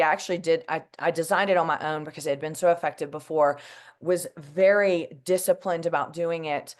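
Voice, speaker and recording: A woman, speaking earnestly and emotionally to an audience as a mental health advocate, with many fillers like "like" and "you know.". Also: fairly low pitch. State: emotional, close to tears. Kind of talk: heartfelt personal talk to an audience.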